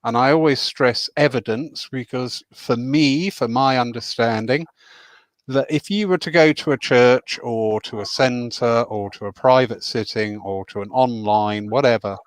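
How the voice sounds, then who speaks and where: A man's voice: medium pitch, measured pace, no echo. Earnest chatty man hosting, dry sound. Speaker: host. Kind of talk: casual spiritual discussion.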